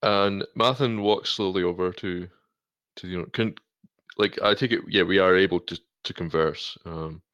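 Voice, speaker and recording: A man playing a tabletop game, describing his character's actions in a relaxed, halting way. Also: low voice, clear, resonant tone, no echo, muffled recording. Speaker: player.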